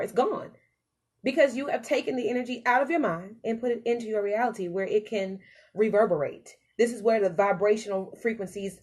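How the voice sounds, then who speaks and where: Animated woman giving a motivational talk. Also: mid-range voice, slightly rough. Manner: animated, preachy, repetitive phrasing. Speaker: podcast host. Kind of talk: motivational self-help talk.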